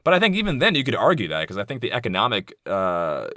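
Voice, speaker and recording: A man's voice: mid-range voice, wildly swooping pitch, fast, sharp tone, dry recording, clean studio sound. A man in his thirties hosting a solo podcast, talking candidly and rambling, profane and heated when indignant. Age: 30s. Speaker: podcast host.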